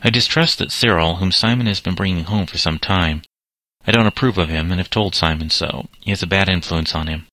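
A fretful middle-aged hotel landlady from a storybook, as a man reads her part. The voice stays low and bright, recorded close and dry. Little is done to set her apart. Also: fairly quick, dry recording.

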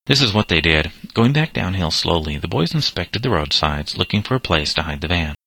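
A man reading a novel aloud as narrator, steady and measured. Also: sits low.

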